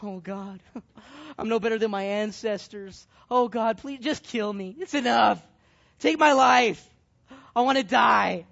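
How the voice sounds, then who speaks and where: A man's voice: high voice, expressive, brisk, pushed and bright, slightly rough, exaggerated voice. Man doing an overwrought prophet, whoops and whimpers, muffled lo-fi audio. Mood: despairing. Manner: shifts from whooping triumph to panicked whining. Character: excitable frightened male prophet. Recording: dull lo-fi sound.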